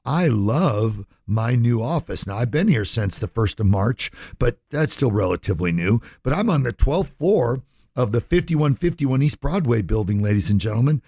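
A man hosts a talk radio show with a gravelly, husky voice and a dry studio sound. He speaks earnestly and passionately to his listeners, repeating and restarting phrases, and is close to tears. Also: mid-range voice, animated, moderate pace, dark tone, no echo. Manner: earnest, impassioned, repetitive restarts. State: choked up, near tears.

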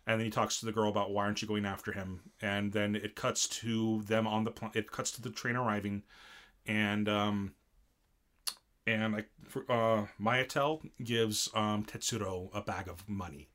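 This is a man with a bright, forceful voice in a relaxed chat, recapping a show he watched. He rambles and restarts, and he gets animated as he acts out bits of the plot. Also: lowish voice, moderate pace. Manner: rambling, animated retelling with many fillers. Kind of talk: casual chat recapping an anime episode.

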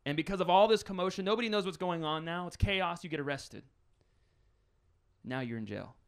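A man's voice: high voice, fairly quick, clean tone. A man preaching a conversational sermon as pastor, building scenarios with rising intensity.

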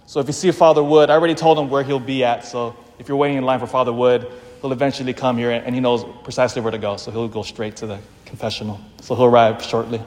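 A man, a parish priest, giving an emphatic, storytelling sermon that slows down for emphasis. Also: mid-range voice, steady tone, a little mellow. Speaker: pastor. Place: church. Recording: long church reverb.

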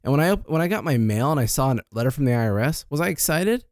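A man who is a financial planner, chatting on a talk show. He tells stories in an animated way, acting out quoted lines and often restarting and repeating words. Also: medium pitch, quick pace, no room sound, studio quality. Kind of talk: casual radio chat.

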